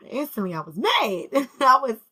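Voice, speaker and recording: A grieving woman telling a personal story in a casual, rambling, slangy way, laughing between thoughts and swinging between calm and anger. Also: a little high, husky. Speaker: vlogger sharing a personal story.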